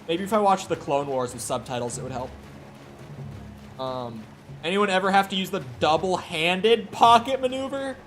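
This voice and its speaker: A man's voice: high voice, expressive, moderate pace, a bit bright, faint music behind. A man chatting casually with viewers during a live gaming stream, rambling and swearing freely. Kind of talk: casual live-stream chat while playing.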